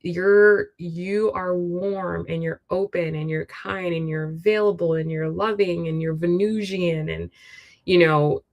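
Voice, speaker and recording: Woman tarot reader, relaxed and chatty, low voice, slow unhurried delivery, talks right to the viewer. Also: dull audio. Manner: chatty, full of "like" and "you know"; speaks straight to the viewer. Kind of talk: casual livestream tarot reading.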